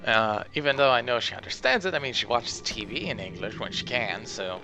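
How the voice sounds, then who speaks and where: A man's voice: medium pitch, expressive, fairly quick, creaky, over music. A young French Canadian man, a native French speaker with a self-made mixed accent, rambling through chatty, digressive gaming commentary with careful enunciation. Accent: self-made mixed accent over a French Canadian base. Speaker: gaming channel host. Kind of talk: rambling let's-play commentary.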